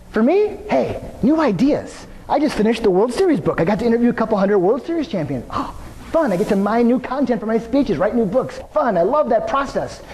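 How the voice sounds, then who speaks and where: A man giving a live motivational keynote, telling stories energetically and turning to the audience with questions. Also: high-pitched. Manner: energetic storytelling with asides to the audience. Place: large venue before an audience. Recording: long hall reverb.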